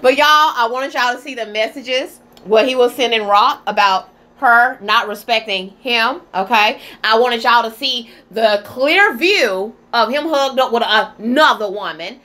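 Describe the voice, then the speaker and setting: A woman's voice: fairly high pitch, unhurried, few pauses, pushed and bright. A woman hosting a gossip commentary channel, reacting to viewers with exclamations, laughter and disbelief.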